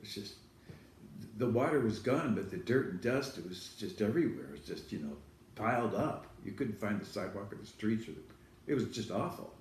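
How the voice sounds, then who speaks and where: A man's voice: lowish voice, lively intonation, fairly quick, slight background noise. Rambling man telling a story in an echoey room. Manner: rambling, self-correcting anecdotes. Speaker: host telling a personal story. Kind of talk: casual storytelling to camera. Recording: echoey room, far from the mic.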